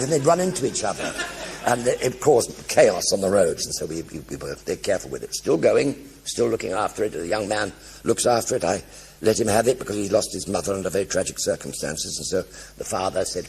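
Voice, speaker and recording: An older man with a British English accent telling comic anecdotes in a one-man stage show, a lively raconteur who mimics other people's voices and sound effects. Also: lowish voice, quick pace, creaky, slight background noise. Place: theatre stage.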